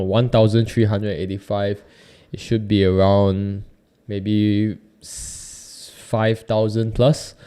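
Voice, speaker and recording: Chatty young man, lowish voice. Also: dark tone. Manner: chatty, rambling, self-correcting. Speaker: YouTube host reviewing a microphone. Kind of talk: casual product review.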